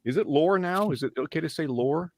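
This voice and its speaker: A man being interviewed about his voice-acting work, telling lively stories and dropping into voices now and then. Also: on the high side, brisk. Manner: animated storyteller, slips into character voices. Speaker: voice actor guest. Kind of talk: casual interview.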